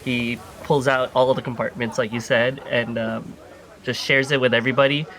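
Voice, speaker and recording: A man's voice: medium pitch, flat delivery, moderate pace, a bit bright. A man loosely narrating his character in a casual tabletop game, laughing as he goes. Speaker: player.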